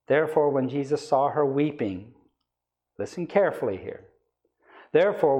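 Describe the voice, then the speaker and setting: A man's voice: fairly high pitch, dark tone. A man preaching a Bible study sermon, reading scripture aloud and then explaining it with emphasis.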